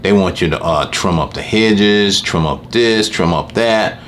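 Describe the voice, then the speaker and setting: Man, low voice, casual animated rant, faint background noise. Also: a little slow. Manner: animated, complaining, acts out customers in high voices. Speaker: lawn care business owner.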